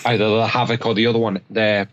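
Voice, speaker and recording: Easygoing man, halting casual chat. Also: lowish voice, level tone, muffled recording. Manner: halting, repeats words, easygoing.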